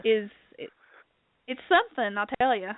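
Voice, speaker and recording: Woman co-host, animated, unhurried, through a thin phone line. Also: on the high side, no room sound. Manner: animated, quick to agree and laugh. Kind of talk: radio talk show banter. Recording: dry tinny phone-line sound.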